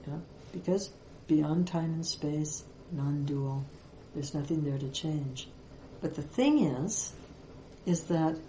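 A woman spiritual teacher giving a reflective Vedanta talk, with many pauses and fillers. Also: low-pitched, mellow, reverberant, a little hiss or hum, poor audio.

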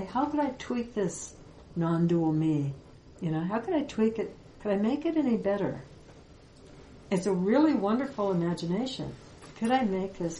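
A woman spiritual teacher giving a reflective Vedanta talk, with many pauses and fillers. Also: fairly low pitch, mellow, reverberant, slight background noise, low-quality recording.

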